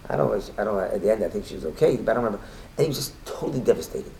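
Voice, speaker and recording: A man with a low, gravelly voice teaches a Torah class in a fast, conversational flow. He often stumbles and repeats himself, then jumps up in volume when he acts out a quote. Faint noise sits underneath. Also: low-quality recording. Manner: talks in quick bursts, repeats and restarts, rises loudly when quoting. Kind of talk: casual Torah lesson with storytelling.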